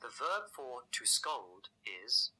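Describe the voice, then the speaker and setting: Bright-voiced man narrating a language lesson. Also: mid-range voice, big pitch swings, husky, faint music behind, poor audio. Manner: measured, explanatory delivery. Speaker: language teacher. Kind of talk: scripted instructional narration.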